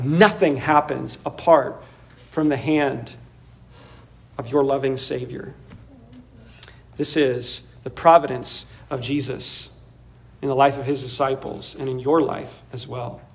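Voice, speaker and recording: A man preaching a sermon, animated, often laughing and acting out the voices of the people in his story. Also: medium pitch. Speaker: pastor.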